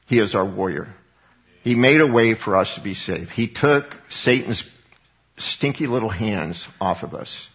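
Husky-voiced man preaching a sermon. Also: on the low side, animated, a little slow, lo-fi sound. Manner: earnest, conversational preaching with repeated words. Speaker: pastor.

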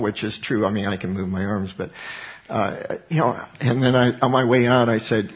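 A man's voice: mid-range voice, expressive, moderate pace. Earnest, folksy man preaching. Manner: earnest, folksy, rising to emphatic bursts, restarts and soft laughs. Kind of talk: conversational sermon. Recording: slightly dull lo-fi recording.

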